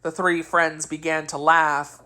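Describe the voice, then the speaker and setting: A woman reads a classic novel aloud in a measured narrating voice. Her pitch sits on the low side for a woman. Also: little pitch movement, sharp tone. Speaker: audiobook narrator.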